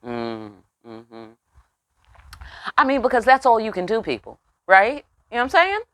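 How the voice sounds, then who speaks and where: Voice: mid-range voice, huge pitch swings, normal speed, fairly bright tone, no echo. A tarot reader giving a casual spiritual reading, talking bluntly with lots of cursing and rhetorical questions. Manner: profane, emphatic, streetwise; asks the listeners rhetorical questions.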